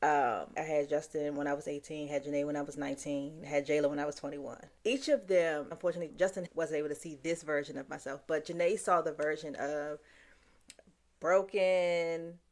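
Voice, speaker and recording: A woman's voice: deep voice, fairly even intonation, fairly quick, a little mellow. Reflective woman podcast co-host. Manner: reflective, thinks aloud with ums. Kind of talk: casual chat.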